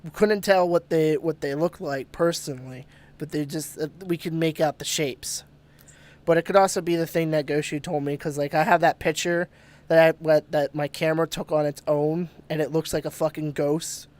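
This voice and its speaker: A man's voice: on the high side, steady tone, normal speed, darkish tone. A man hosting a podcast and telling a ghost story in casual chat, swearing a lot and restarting sentences. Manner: swearing, rambling with restarts and laughs. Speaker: podcast host.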